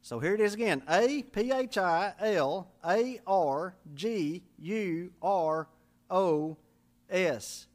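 Male preacher, high-pitched, folksy and humorous, teaching scripture from the pulpit. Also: animated, slow. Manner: spells out Greek words letter by letter. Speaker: pastor. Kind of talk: sermon.

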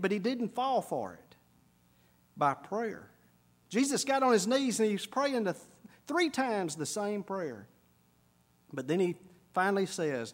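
A man preaching a sermon, dropping to a hush and then building to emphatic peaks. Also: high voice. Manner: preaching with wide swings from hushed to emphatic. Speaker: pastor.

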